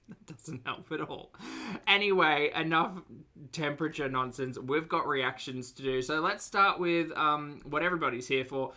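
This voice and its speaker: A man's voice: on the high side, pushed and bright. A man hosting a casual live stream, chatty and upbeat, greeting viewers by name and laughing often. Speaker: livestream reaction host. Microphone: headphones on, streaming setup.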